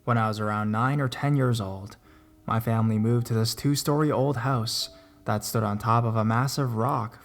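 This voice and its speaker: Man narrating true scary stories. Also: mid-range voice. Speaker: horror story narrator. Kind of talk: scripted narration of reader stories.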